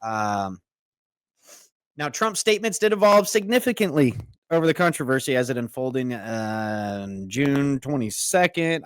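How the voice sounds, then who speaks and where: A man's voice: medium pitch, lively intonation, moderate pace, dry recording, studio quality. A man co-hosting a political commentary podcast, reading news excerpts aloud and breaking into casual asides. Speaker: co-host.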